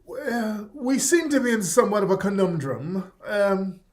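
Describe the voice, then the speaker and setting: A prim, pompous British gentleman in a mock-polite tone, as a man puts him on. The voice sits high for a man and comes out softer than his normal talk. Each line sounds fussy and put-on. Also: unhurried. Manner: mocking, affected politeness.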